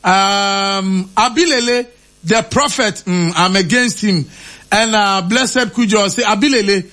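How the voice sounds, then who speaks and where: A man's voice: high voice, unhurried, bright, forceful tone. A man on the radio reading out listener comments, laughing often in casual chat. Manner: reads out names and quotes, laughing often.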